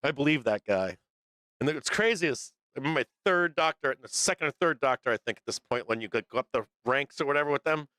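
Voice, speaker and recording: Profane, brightly rambling male market streamer. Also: mid-range voice, expressive, quick pace, dry recording, clean studio sound. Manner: rambling, profane, laughing often. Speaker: stock market livestream host. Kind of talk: casual profane market commentary.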